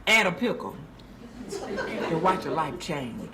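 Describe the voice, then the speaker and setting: A woman's voice: lowish voice, sing-song, takes it slowly, noisy background. Exuberant woman gushing over food in a car. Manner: exuberant, preacher-like praise, talking with her mouth full. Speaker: food vlogger. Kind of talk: casual selfie video review. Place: inside a car.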